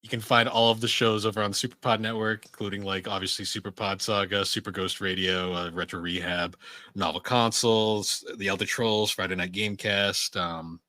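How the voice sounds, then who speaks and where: Bright-voiced male podcast host. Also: on the low side, fairly even intonation, brisk, no echo. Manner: rambling storyteller, laughs often. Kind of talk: casual chat.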